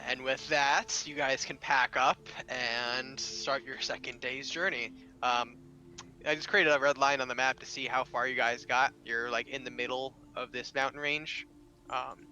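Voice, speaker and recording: A man running a tabletop game as game master, narrating in a relaxed way with many fillers. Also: mid-range voice, measured pace, faint music behind.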